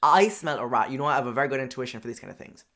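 A man's voice: medium pitch, very fast, sharp tone. A young man casually telling a personal story, chatty and profane, with lots of filler words.

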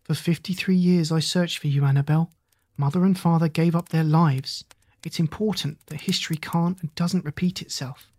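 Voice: medium pitch, fairly even intonation, normal speed, darkish tone, no echo, close to an everyday voice. A reader voicing an eager eleven-year-old boy who exclaims in a rush. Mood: urgent.

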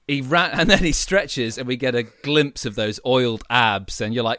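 A man in casual chat, pitching absurd ideas in a dry, deadpan way. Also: normal speed, hardly any pauses, no room sound.

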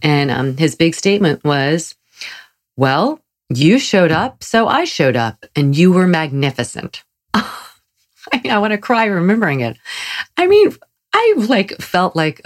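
A woman giving a casual motivational talk, chatty and enthusiastic, telling personal stories with frequent laughs and fillers. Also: rumbling low. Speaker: motivational speaker.

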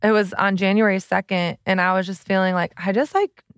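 A woman's voice: medium pitch, steady tone, a little fast, clean tone, no room sound, studio quality. A woman in her thirties, a podcast host and relationship coach, talking openly and earnestly in a personal confessional way, full of "like" fillers. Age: 30s. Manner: earnest, open, many "like" fillers.

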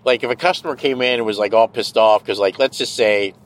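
Brief: middle-aged man, casual sarcastic rant, heavy swearing, mid pitch, recorded in a car. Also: fairly quick, low-quality recording. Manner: profane, ranting, sarcastic. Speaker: podcast host. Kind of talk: casual rambling monologue. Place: car, driving.

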